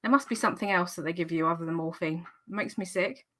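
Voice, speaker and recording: Bright, chatty Geordie woman. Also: on the low side, fast talker. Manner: chatty, laughs often, breaks off and restarts. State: slightly out of breath. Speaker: vlogger hosting a live stream. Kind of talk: casual live chat.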